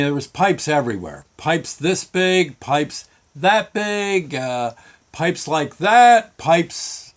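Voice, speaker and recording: A man hosting his own show, telling a long work story in a halting, folksy way with many fillers and restarts. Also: mid-range voice. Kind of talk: rambling spoken storytelling.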